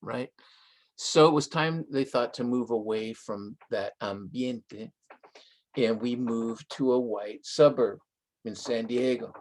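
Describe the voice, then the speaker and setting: An older man from Southern California, a guest author, telling a story in a relaxed, conversational way and slipping Spanish phrases into his English, with laughs along the way. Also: mid-range voice, slow. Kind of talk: conversational storytelling in a live online interview.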